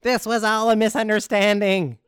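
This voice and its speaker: A man playing a deadpan, shady rogue. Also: sits high, moderate pace, clear, resonant tone, voice pushed up. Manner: deadpan, offhand. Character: shady male rogue, deadpan about a murder.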